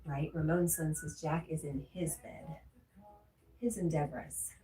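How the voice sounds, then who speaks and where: A woman with a deep, warm voice and fairly even intonation speaks a little slowly while hosting a casual livestream. Chatty and laughing often, she reads viewer comments aloud, and the audio has a roomy echo with faint music behind it.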